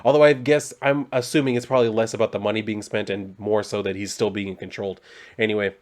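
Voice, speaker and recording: A man's voice: on the low side, steady tone, fast. Rambling casual man recapping a comic. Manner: rambling, loose, filler-heavy with mild swearing. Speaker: comic book reviewer.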